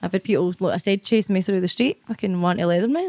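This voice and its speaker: A woman's voice: mid-range voice, fast talker, few pauses, darkish tone, no room sound, studio quality. A young woman with a Scottish accent, chatting as an interview guest in a blunt, salty way with plenty of swearing. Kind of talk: casual interview chat.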